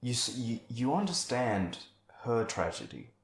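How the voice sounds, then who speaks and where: A man's voice: mid-range voice, big pitch swings, a little slow, a little hiss or hum. A man co-hosting a casual film podcast, rambling and exclamatory, swearing freely. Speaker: podcast co-host. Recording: roomy echo.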